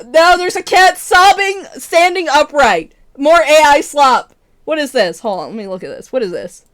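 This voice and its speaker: High-voiced woman ranting on stream. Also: expressive, normal speed, no room sound, studio quality. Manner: profane exasperated ranting, often breaking into laughter; loud, peaking the mic. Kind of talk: casual livestream chat.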